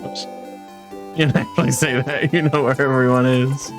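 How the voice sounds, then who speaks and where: A man playing through a game on stream, chatting casually between moments. He reads the game's narration aloud with feeling, at an ordinary middle pitch. Soft game music plays faintly underneath. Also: steady tone, normal speed. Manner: casual asides, then dramatic reading of narration. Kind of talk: game playthrough commentary, reading game text aloud.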